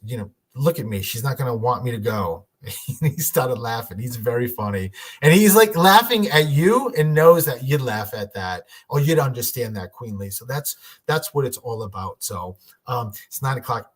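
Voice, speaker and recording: A man doing a casual livestream reading for his viewers, chatty and rambling, with lots of restarts and fillers. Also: medium pitch. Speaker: medium, livestream host.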